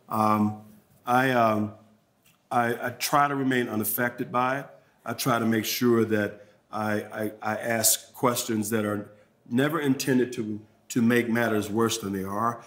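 Southern man, halting, repeating words. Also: fairly low pitch, a bit bright. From Mississippi, USA. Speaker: journalism trainer. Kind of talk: workshop talk with audience questions.

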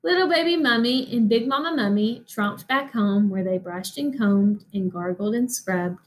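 A woman teacher reading a picture book aloud to children, expressive and pausing to ask them questions. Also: mid-range voice, rough recording.

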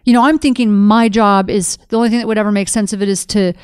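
A woman's voice: medium pitch, fairly even intonation, fast, clean tone, no room sound. A middle-aged woman co-hosting a podcast in casual conversation, telling stories with animation and acting out quoted dialogue. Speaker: podcast co-host.

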